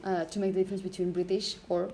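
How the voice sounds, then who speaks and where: A woman teacher giving a relaxed, hesitant lecture with frequent check-ins, whose first language is Spanish. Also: lowish voice, fast talker, a little hiss or hum, low-quality recording. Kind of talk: recorded lecture.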